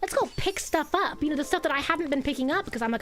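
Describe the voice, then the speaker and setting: A woman's voice: high-pitched, expressive, rapid-fire, fairly bright tone. A woman livestreaming a video game, chatting playfully and rambling with her viewers. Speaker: streamer. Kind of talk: live game-stream chat. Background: faint game music.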